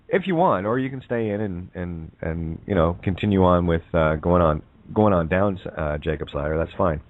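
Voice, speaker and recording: On a call-in show, a man rambles through an easygoing spiritual talk, full of fillers and frequent "right?" check-ins. His voice sits low and sounds animated at a moderate pace, over a tinny, dry phone line.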